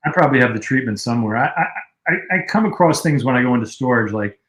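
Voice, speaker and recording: A man at an average pitch tells old stories at an easy, rambling pace, full of fillers. His voice carries a roomy echo. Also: quick pace. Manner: relaxed, rambling anecdotes with fillers. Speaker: guest, music video director. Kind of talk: casual storytelling on a livestream.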